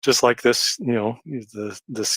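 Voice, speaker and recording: A man talking hesitantly in a casual live audio chat, pausing often with fillers. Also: medium pitch, fairly bright tone, breathy edge, dry recording. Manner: hesitant, halting, many fillers.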